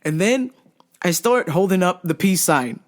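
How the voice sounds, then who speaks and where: A speaker telling a story casually on a podcast, lively and profane, acting out the other people in it. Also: mid-range voice, a little slow.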